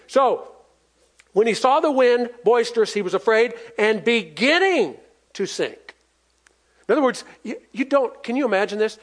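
High-voiced folksy male preacher. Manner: folksy, emphatic, with call-and-response and chuckles. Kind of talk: sermon.

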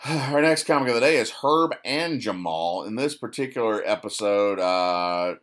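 Deadpan man rambling through comic strips. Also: lowish voice, moderate pace. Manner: rambling, self-correcting, dry sarcastic explanations. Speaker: podcast host.

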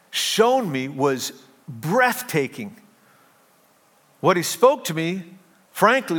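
Joking pastor in a reverberant church. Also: male voice, a little high, a bit bright. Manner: humorous storytelling, self-deprecating asides. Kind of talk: sermon. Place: church sanctuary.

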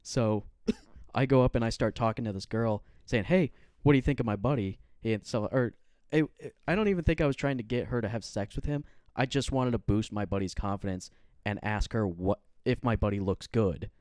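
A man's voice: lowish voice, a little fast, a little mellow, clean tone, no room sound, clean studio sound. A man hosting a podcast in casual chat, telling profane stories and laughing often. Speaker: podcast host.

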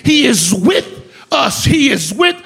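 Fiery, gravelly, high-pitched preacher man. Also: very animated, slow pace, a bit bright, raised voice. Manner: fiery, repetitive call-and-response preaching. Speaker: guest preacher. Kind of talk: shouted sermon. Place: church sanctuary.

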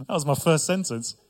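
A middle-aged male pastor preaching a sermon with humor and asides to his congregation. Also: high-pitched.

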